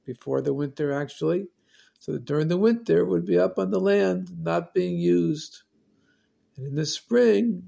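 A man hosting a storytelling show, narrating a tale slowly and deliberately, with long pauses. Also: on the high side, vocal fry, dark tone, husky. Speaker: storyteller host.

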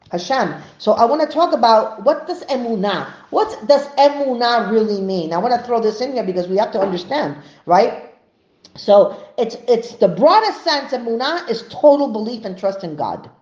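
A woman giving a religious lesson, earnest and emphatic, who tells a story with animated voices. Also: a little high. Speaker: Torah teacher. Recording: dull, echoey room.

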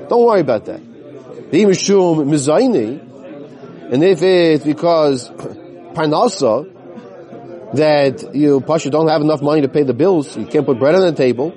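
Mellow-voiced man teaching a Talmud class. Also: a little high, animated, a faint crowd. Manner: reads Aramaic slowly, then explains in plain English; loses his place at times and restarts.

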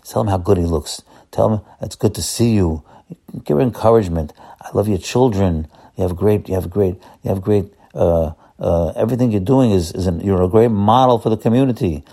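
A man gives an earnest Torah talk with a low, gravelly voice. His tone is dark and mellow, and he coaxes his listeners, often repeating a word before he finds the next. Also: a little fast. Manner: earnest, repetitive, coaxing. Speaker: religious teacher.

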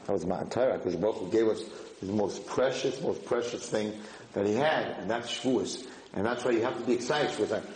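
Animated man giving an informal Torah class. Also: on the low side. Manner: animated, acts out shouting students; mixes Hebrew and Yiddish terms into English. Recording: echoey room, faint noise.

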